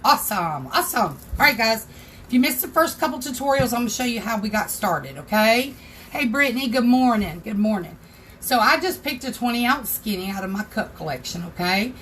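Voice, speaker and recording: A woman's voice: a little high, animated, brisk, fairly bright tone, a little hiss or hum. Chatty woman hosting a craft livestream. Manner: chatty, greets viewers by name. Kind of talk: casual livestream tutorial. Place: home craft room.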